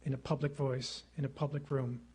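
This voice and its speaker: A middle-aged man giving a formal public lecture at a podium microphone in a lecture hall, speaking in a measured, rhetorical way and repeating phrases for effect. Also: medium pitch, flat delivery, dark tone, breathy edge. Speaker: guest lecturer.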